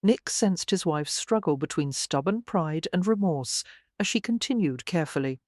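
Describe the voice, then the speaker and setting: An audiobook narrator reading a romance novel in a measured, even way. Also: mid-range voice, dry recording, clean studio sound. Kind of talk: scripted narration.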